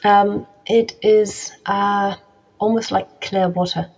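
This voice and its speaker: A woman's voice: medium pitch, steady tone, slow pace, darkish tone, dull audio. A woman narrating as game master of a tabletop game, hesitant and full of fillers.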